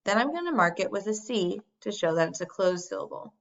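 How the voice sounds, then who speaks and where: A woman teacher giving a recorded phonics lesson, speaking slowly and deliberately as she models sounds for young children. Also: medium pitch, expressive. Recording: dull lo-fi sound.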